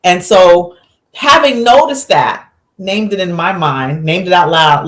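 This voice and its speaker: A woman physician, a guest on a podcast, telling a story with lively acted-out quotes in a relaxed conversational way. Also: lowish voice, a little slow, roomy sound. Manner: animated storyteller, acts out quotes.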